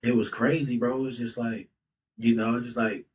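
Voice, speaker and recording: A man's voice: medium pitch, fairly even intonation, normal speed, a little mellow, recorded from a distance, a little hiss or hum, low-quality recording. Male host in his thirties, loose and heartfelt, filler-heavy, slightly off-mic. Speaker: podcast host. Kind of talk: casual podcast talk. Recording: voice a bit off-mic.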